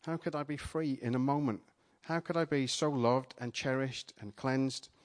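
A man's voice: mid-range voice, normal speed. Dramatic storytelling male preacher. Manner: dramatic, storytelling, turns playful and energetic with volunteers. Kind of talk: sermon told as a first-person retelling. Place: church gathering with a live audience.

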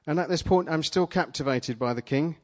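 A man with a slightly high, brisk voice preaches a sermon as a first-person retelling, delivered in a dramatic storytelling style. Before a live audience at a church gathering, he turns playful and energetic when volunteers join him.

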